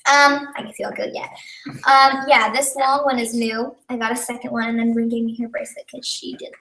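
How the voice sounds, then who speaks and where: Rambling, high-voiced woman hosting a live show. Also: level tone, a little fast, bright, forceful tone. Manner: chatty, rambling, giggly. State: tired and thirsty. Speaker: live stream host. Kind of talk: casual live-stream chat. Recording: echoey room, far from mic, faint noise.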